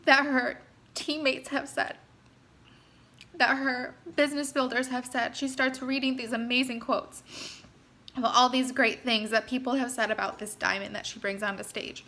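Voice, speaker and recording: Young woman, bright voice, fairly high pitch, earnest, encouraging, motivational team talk. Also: level tone, normal speed. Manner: earnest, encouraging, speaks directly to listeners. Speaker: network marketing team leader.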